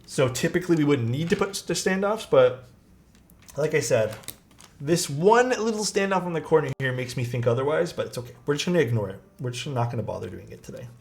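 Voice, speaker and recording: A man's voice: on the high side, gravelly. A man streaming live, casually chatting with his viewers and answering their questions while he works on a build. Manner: relaxed, chatty, reads and answers chat while working. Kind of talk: casual livestream chat.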